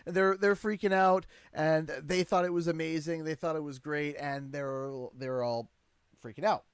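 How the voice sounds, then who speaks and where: A man's voice: a little high, steady tone, normal speed, smooth, dry recording. A Canadian man in his thirties, a father and streamer, telling a story in a casual livestream, rambling with many restarts and growing exasperated.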